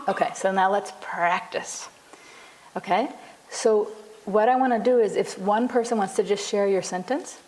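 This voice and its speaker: A woman's voice: mid-range voice, darkish tone, low-quality recording. A woman psychologist teaching a class, explaining earnestly in a conversational way with lots of "you know" and acted example dialogues. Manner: frequent "you know" and restarts.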